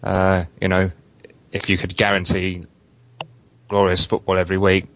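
Deep flat-voiced football fan. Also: male voice, poor audio. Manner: measured, hedging, many fillers. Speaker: podcast guest, football fan. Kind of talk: casual football chat.

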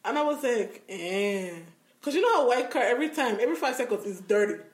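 In an echoey room, this young podcast co-host talks fast with a high-pitched voice. Her storytelling in casual conversation is animated, and she laughs a lot.

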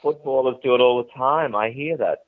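A man's voice: mid-range voice, normal speed, no room sound. A male TV presenter being interviewed, telling chatty, candid stories and acting out the dialogue in them. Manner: lively storyteller who acts out quoted dialogue. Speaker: TV presenter guest. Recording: dry, tinny phone-like line.

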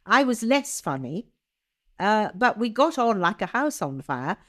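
An older woman with an upper-class English accent and very precise, crisp diction, talking as an interview guest. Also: mid-range voice, very animated, a little slow. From England. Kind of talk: conversational interview.

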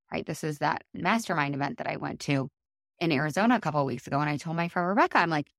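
Lady in her 30s chatting on her podcast, low voice, lively, keeps saying right?, dry sound. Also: quick pace, vocal fry, no echo. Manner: chatty, animated, often adds "right?". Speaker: podcast host and life coach. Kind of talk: casual solo podcast coaching talk.

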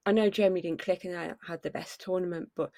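A woman's voice: lowish voice, fairly even intonation, fast talker, warm tone, no room sound. A woman co-hosting a casual sports podcast, talking in long rambling runs. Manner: rambling, many fillers and restarts. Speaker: podcast co-host.

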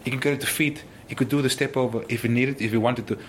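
A man, a former footballer, telling stories in an interview, animated and full of exclamations. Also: mid-range voice, fast talker, a little hiss or hum. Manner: animated, exclaims often, restarts sentences. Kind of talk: casual interview storytelling.

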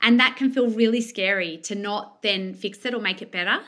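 Bright-voiced woman giving parenting advice. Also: medium pitch, normal speed. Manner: warm explaining, role-plays parent lines. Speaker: parenting expert guest. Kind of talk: casual advice in conversation.

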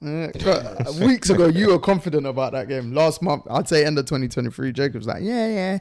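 A man's voice: fairly high pitch, fairly quick, darkish tone. A man hosting a casual sports podcast, talking in slangy banter and laughing often. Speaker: podcast host.

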